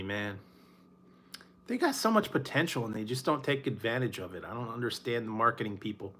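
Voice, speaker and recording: Laid-back rambling man, bright voice. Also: mid-range voice, a little hiss or hum. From Northern California. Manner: rambling, laughs often, sighs. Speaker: food reviewer. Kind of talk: casual late-night chat.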